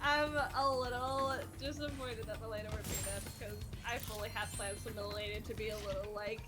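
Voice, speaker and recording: Co-player, woman, a bit high-pitched, laid-back, swears, game music clearly audible behind. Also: brisk. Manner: relaxed, swears freely, trails off with fillers. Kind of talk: casual chat while playing a game.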